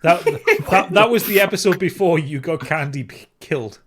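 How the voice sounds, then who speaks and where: A man's voice: fairly high pitch, moderate pace, a loud crowd. A man co-hosting a live podcast, reading chat comments aloud and laughing often. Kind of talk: casual live-stream chat.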